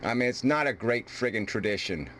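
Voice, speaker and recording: A man's voice: medium pitch, expressive, brisk, fairly bright tone, slight background noise. A man from the United States arguing heatedly in a video debate, combative and full of profanity. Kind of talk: heated argument.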